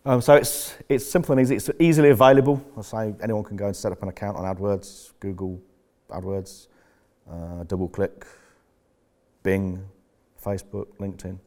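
A man's voice: fairly low pitch, fairly even intonation, normal speed, mellow. Rambling, jokey older man swearing freely. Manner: rambling, profane, jokey storyteller. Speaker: podcast host. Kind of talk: casual chat.

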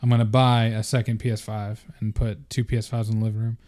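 A man's voice: lowish voice, flat delivery, fast, darkish tone. A young man co-hosting a podcast, chatting casually in a laid-back, joking way with a lot of swearing. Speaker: podcast co-host. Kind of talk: casual chat.

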